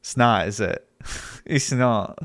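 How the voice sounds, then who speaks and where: A man's voice: mid-range voice, takes it slowly, no echo, clean studio sound. A young man streaming, arguing with his chat in a sarcastic, argumentative way and laughing often. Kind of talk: casual livestream chat.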